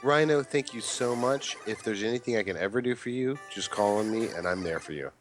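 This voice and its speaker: A young man streaming a game, chatting casually and quoting people in a lively raised voice. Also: lowish voice, a little fast, faint music behind. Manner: animated storyteller, quotes others in raised voice. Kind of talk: casual chat while gaming live.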